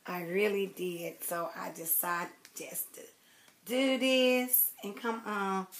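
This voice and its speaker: A woman chatting casually to her viewers about her baby doll in a rambling, affectionate way, often dropping to soft murmurs as she works. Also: mid-range voice, fairly even intonation, slow pace, a little hiss or hum. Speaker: doll collector vlogger. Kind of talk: casual chat to camera.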